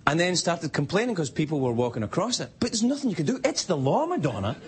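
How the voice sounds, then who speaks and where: A man's voice: fairly high pitch, sing-song, fast. A Scottish man hosting a late-night talk show, delivering a rambling, self-mocking stand-up monologue. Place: television studio with live audience. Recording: studio audience laughter and noise.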